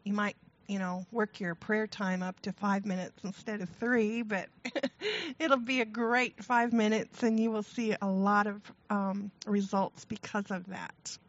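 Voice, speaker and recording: A woman's voice: mid-range voice, steady tone, measured pace. A woman co-leading a church couples seminar, chatty, with laughs and filler words. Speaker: co-leader of a marriage workshop. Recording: dull lo-fi sound.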